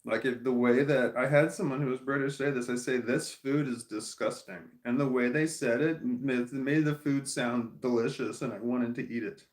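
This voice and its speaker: A man's voice: mid-range voice, fairly even intonation, normal speed, hardly any pauses. Man, American, casual livestream chat, profane, rambling, roomy echo. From United States. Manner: rambling and profane, with frequent restarts. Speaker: streamer reading live chat.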